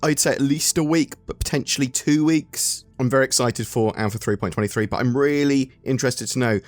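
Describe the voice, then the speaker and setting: English male host, mid-pitched, dry close sound, brisk news rundown. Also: no room sound, faint music behind. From England. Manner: brisk rundown, asks viewers questions. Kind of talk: scripted news update.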